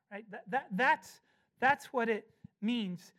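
A preacher working through a text in a sermon, voice at a middling pitch. The delivery is emphatic, slowing down to press key phrases and often repeating a word before going on. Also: lively intonation, a bit bright. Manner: often repeats words while restarting. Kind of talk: expository sermon.

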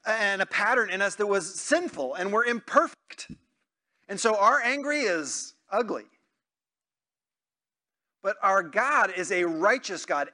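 A man with a high, bright, ringing voice preaches to his church. He talks in a casual, conversational way, puts questions to the listeners, and lifts his voice when he acts out a quoted prayer. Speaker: pastor. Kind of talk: sermon.

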